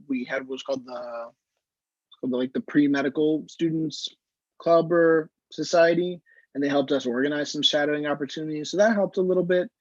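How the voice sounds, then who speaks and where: A man, an anesthesiologist, giving measured, explanatory advice to students in a casual online Q&A over a video call. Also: a little high, dry recording. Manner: measured, explanatory, frequent "standpoint" phrasing. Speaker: anesthesiologist answering student questions. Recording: muffled, slightly lo-fi video call audio.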